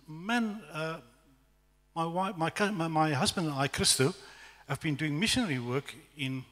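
A South African man voicing an earnest, excited middle-aged pastor's wife, breathless and hesitant. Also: on the high side, normal speed, voice pushed up, natural voice. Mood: eager. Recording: echoey church hall reverb.

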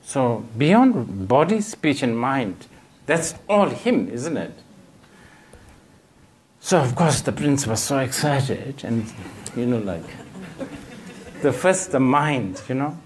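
A man giving a dharma talk as a Buddhist teacher. He rambles, hunts for words, and fills the gaps with "you know," with gently humorous asides. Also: medium pitch, lively intonation, slow, pauses often. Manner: digressive, searching for words, frequent "you know".

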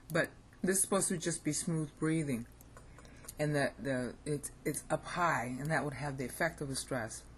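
A woman's voice: rumbling low, slight background noise. A woman with an American accent giving an informal recorded lesson, thinking aloud and often checking in with "okay?". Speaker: language teacher.

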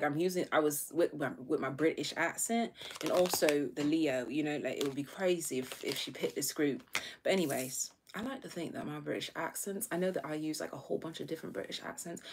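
Low-voiced woman doing a live tarot reading, talks loose and swears a lot, faint hiss behind. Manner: chatty, swears casually, many fillers. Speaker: tarot reader.

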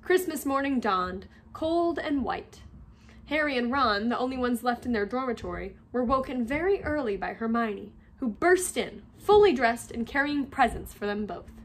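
A woman's voice: a little high, lively intonation, moderate pace. A woman teacher reading a novel aloud to her class, with friendly casual asides.

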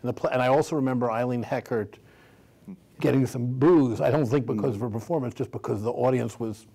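A man's voice: mid-range voice, a little fast, gravelly, warm tone. A man in his sixties moderating an onstage Q&A, asking rambling questions full of restarts and fillers. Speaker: panel moderator. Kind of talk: onstage Q&A conversation. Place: theater stage before an audience.

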